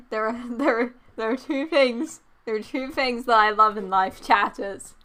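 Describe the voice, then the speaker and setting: A woman's voice: a little high, slow, sharp tone. A young woman streaming live, chatting casually to her chat and repeating silly noises in a goofy, playful way.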